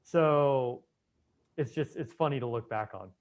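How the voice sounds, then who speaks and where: A man's voice: medium pitch, a little slow. A man who is an Ayurvedic doctor, chatting casually as an interview guest, with lots of "you know" fillers.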